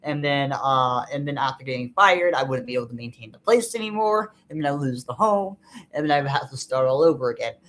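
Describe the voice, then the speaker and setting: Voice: medium pitch, expressive, a little fast, fairly bright tone. A vlogger in an unscripted personal monologue, venting in a frustrated, bitter way and swearing a lot, rambling with many fillers.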